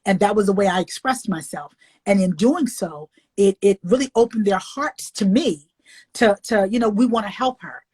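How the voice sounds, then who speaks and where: A woman's voice: moderate pace, slightly rough. An older woman, an author and illustrator, talking in a folksy, emotional way on a video call interview. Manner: expressive, folksy, emotional, swings up high when animated. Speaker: children's book author and illustrator.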